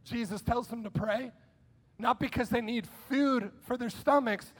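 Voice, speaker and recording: A male pastor giving an energetic, conversational sermon with sudden shouted lines. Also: very high-pitched, measured pace. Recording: long hall reverb.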